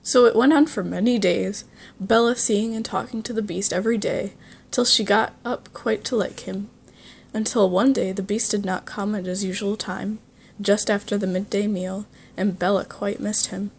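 A woman's voice: medium pitch, fairly even intonation, moderate pace, creaky, a little hiss or hum. A woman reading a fairy tale aloud as a storyteller, engaging her listener with questions along the way.

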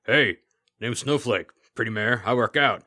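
A man's voice: medium pitch, measured pace, bright, forceful tone, pitched above the performer's own voice. A man voicing a mischievous shapeshifting female kelpie fairy in a storybook reading, gushing and mock-polite. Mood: gruff boasting.

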